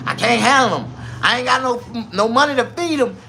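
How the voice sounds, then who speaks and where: Guy putting on a squeaky crying old granny, high and wailing, noisy room. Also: brisk, vocal fry. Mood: tearful. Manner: high wailing voice, cries and pleads. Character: weary broke old grandmother, tearful.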